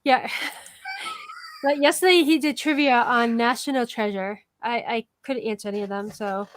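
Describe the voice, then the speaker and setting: A giggly woman hosting a relaxed live stream, reading the chat and asking questions. Her voice is high, and it sounds close and dry. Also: normal speed, no echo. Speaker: host. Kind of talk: casual chat.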